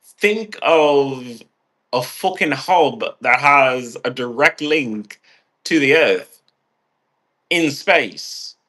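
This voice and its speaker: A man's voice: mid-range voice, pushed and bright. A man with a stuffed-up nose, rambling and ranting in a casual vlog, swearing freely and restarting his phrases. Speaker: vlogger.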